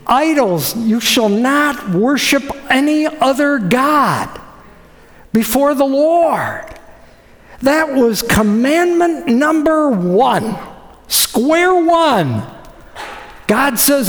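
A man preaching a sermon as pastor, animated and acting out quoted voices. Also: very high-pitched, very slow. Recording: reverberant hall.

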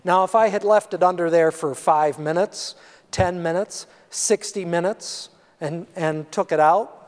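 High-voiced pastor in a reverberant hall. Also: male voice, a little slow. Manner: conversational, animated preaching with asides. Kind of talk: sermon.

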